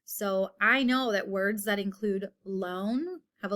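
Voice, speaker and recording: A woman's voice: medium pitch, slow pace, few pauses, fairly bright tone. A woman teaching a phonics lesson to children, patiently repeating each word and giving example sentences.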